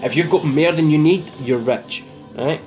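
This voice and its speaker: A fairly high, slightly mellow male voice at normal speed belongs to a Scottish tarot reader doing a casual, rambling reading to camera. He ribs his viewers and laughs at himself while music plays behind.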